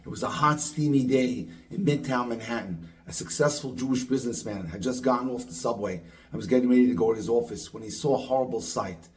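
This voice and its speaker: Rabbi telling a moral story. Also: male voice, medium pitch, fast talker, rough recording. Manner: animated storyteller acting out quoted lines. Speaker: rabbi and dating coach.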